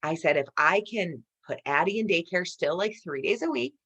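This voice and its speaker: A woman in her thirties, a network marketing leader, telling a motivational personal story with animated energy, often addressing listeners as "you guys". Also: fairly low pitch, normal speed, husky.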